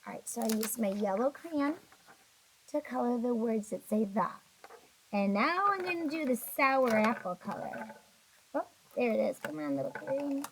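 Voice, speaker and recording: A woman's voice: fairly high pitch, animated, measured pace, slight background noise, rough recording. A woman teacher recording a video lesson for young children, patient and encouraging, a little sleepy and yawning. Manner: patient, encouraging, talks to kids directly.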